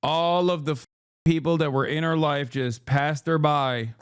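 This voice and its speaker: A man reacting to video clips in casual commentary, sarcastic and quick to swear, often cutting himself off mid-word. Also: a little high, fairly even intonation, smooth, no echo, studio quality.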